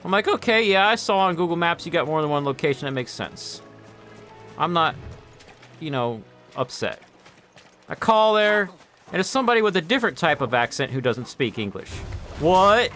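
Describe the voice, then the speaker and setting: A man rambles through a long anecdote while he streams a game. His voice sits a little high and sounds bright and forceful, with faint game music playing underneath. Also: sing-song. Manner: rambling, chatty anecdote, quick asides to chat. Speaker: gaming streamer. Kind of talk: casual storytelling while streaming.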